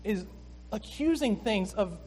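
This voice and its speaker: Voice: mid-range voice, expressive, measured pace, a little mellow, a little hiss or hum. A preacher giving a sermon, explaining a scripture passage in a conversational, emphatic manner.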